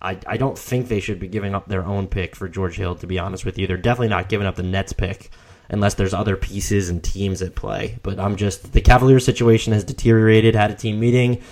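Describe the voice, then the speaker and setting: A young man co-hosting a casual podcast, animated, often restarting his sentences. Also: lowish voice, fast talker. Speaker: podcast co-host.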